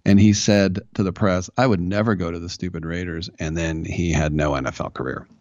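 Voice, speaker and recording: Chatty low-voiced male radio host. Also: fairly even intonation, fairly quick, darkish tone, dry recording, highs cut off. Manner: chatty, loose, jokey asides. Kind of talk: casual talk radio interview.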